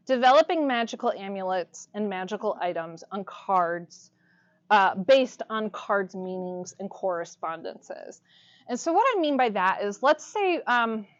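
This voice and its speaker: A woman's voice: mid-range voice, muffled recording. Chatty woman teaching a workshop. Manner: chatty, laughs often, asks the class questions. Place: shop classroom with audience.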